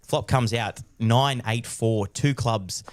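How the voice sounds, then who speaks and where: Dry-sounding poker commentator. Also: male voice, medium pitch, slow pace, dry recording. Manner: chatty, teasing co-host.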